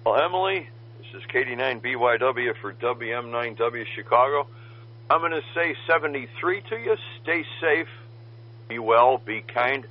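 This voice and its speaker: A man's voice: medium pitch, expressive, moderate pace. A man running a ham radio net as its control operator, chatting in a jokey, folksy way with radio lingo. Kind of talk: casual radio net chat. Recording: dull lo-fi radio audio with faint noise.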